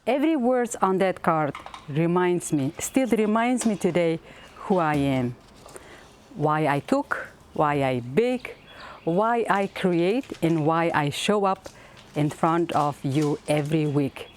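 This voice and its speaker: A woman in her fifties from Mongolia, hosting her home baking vlog in a tender, earnest, unhurried way. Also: lowish voice, lively intonation, slight background noise. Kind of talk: heartfelt cooking vlog talk.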